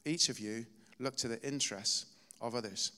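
A man's voice: mid-range voice, moderate pace, sharp tone. Man preaching in a reverberant hall. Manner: conversational storytelling with self-deprecating humor. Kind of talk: sermon. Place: church hall.

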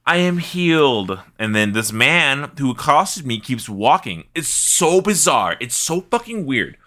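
A man co-hosting a podcast and spinning an animated story. His voice is very bright and forceful, and his pitch swings widely. He laughs often and swears freely. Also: unhurried. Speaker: podcast co-host. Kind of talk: casual chat.

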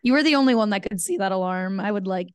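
A woman co-hosting a podcast from a remote spot, with a hoarse, scratchy voice and animated storytelling. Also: medium pitch, fast talker, no echo, clean studio sound. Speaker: podcast co-host. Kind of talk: casual podcast chat. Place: remote from an ice arena.

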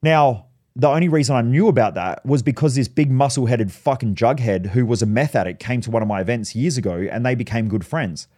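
A man's voice: mid-range voice, animated, a little fast, mellow. A man hosting a solo podcast, telling stories in a blunt, profane way. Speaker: podcast host.

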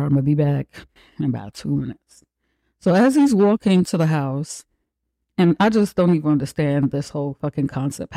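Mellow-voiced podcaster retelling a film. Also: medium pitch, no echo, clean studio sound. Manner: profane, blunt storytelling; acts out characters' lines mid-story. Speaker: podcast host. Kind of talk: casual film recap.

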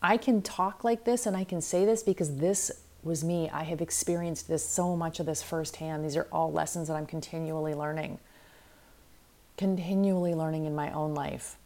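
Low-voiced woman hosting a self-help podcast. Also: steady tone, normal speed, darkish tone. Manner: candid, reflective, acts out her own inner voices. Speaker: podcast host and life coach.

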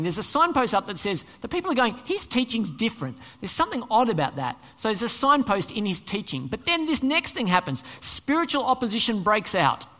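A male pastor preaching a sermon, conversational and animated, asking the congregation rhetorical questions. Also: sits high, big-room sound. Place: church hall.

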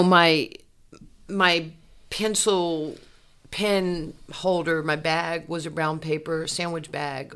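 A woman, a former athlete telling her life story in an interview, animated and laughing often. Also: low-pitched. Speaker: interview guest, former basketball player. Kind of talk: candid personal storytelling.

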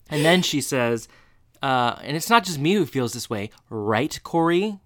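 Male podcast co-host, mid-pitched, dry close sound, playful episode recap. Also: lively intonation, a little slow, dry recording. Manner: playful, acts out quotes with bursts of silly voices. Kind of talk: casual chat recapping a TV episode.

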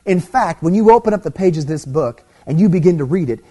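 A man's voice: fairly high pitch, expressive, quick pace, mellow, breathy edge, soft background music. A middle-aged man preaching a sermon, teaching emphatically and checking in with "okay?" as he goes. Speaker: pastor.

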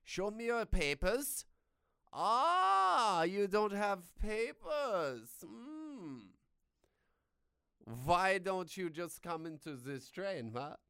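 Sneering Nazi officer, slow and mocking, pitched well above the comic's own voice, a man puts him on. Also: sing-song, pushed and bright, smooth, dry recording, clean studio sound, heavily acted. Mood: menacing taunt. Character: sneering male Nazi officer checking papers.

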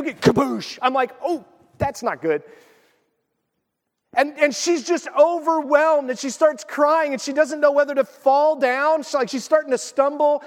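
A male pastor preaching a sermon, telling stories with lively acted-out quotes. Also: very high voice. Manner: animated storytelling, acts out quoted voices. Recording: long hall reverb.

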